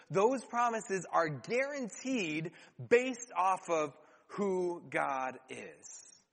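A man's voice: sits high, a bit bright, big-room sound, poor audio. A male pastor preaching a sermon, earnest and direct, asking the listeners rhetorical questions.

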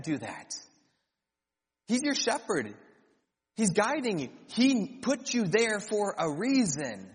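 Between scripture readings, a husky, high-voiced pastor drops joking asides while preaching in a conversational manner. The recording carries the reverb of a large hall.

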